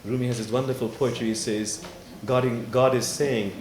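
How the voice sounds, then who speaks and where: A man, an imam, giving a sermon in a worship hall and telling parables with dramatic pauses. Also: mid-range voice, a little hiss or hum. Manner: animated storytelling with dramatic pauses. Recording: echoey hall, faint ambience.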